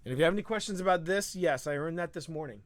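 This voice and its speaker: Brief: male podcast co-host, casual live-stream chat, excitable and rambling, dry studio sound. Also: fairly high pitch, rapid-fire, dry recording. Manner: animated, rambling, frequent restarts.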